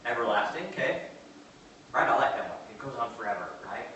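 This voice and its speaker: A man preaching a sermon, moving from quiet asides to slow, emphatic declarations and questioning his congregation. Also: medium pitch, lively intonation. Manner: asks the congregation questions and answers back. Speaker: pastor. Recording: echoey hall from far off, faint noise.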